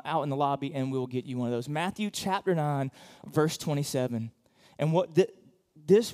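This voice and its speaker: A man in the pulpit delivering a sermon with a voice pitched a little above the usual male range. His talk is loose and conversational, full of fillers and restarts. He shifts from loud emphatic bursts to quiet, close asides. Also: smooth. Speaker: pastor. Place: church auditorium.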